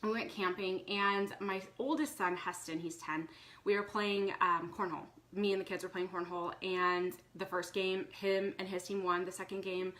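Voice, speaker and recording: A woman's voice: mid-range voice, fairly even intonation, normal speed, a bit bright. A woman in her thirties talking casually to her viewers, earnest and chatty with many fillers. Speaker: vlogger. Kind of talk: casual live talk to viewers.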